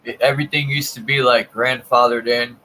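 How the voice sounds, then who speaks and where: Man, casual blunt talker, bright tone, faint background noise. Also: mid-range voice, flat delivery, a little fast, poor audio. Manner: blunt and profane, tells work stories. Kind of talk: casual chat.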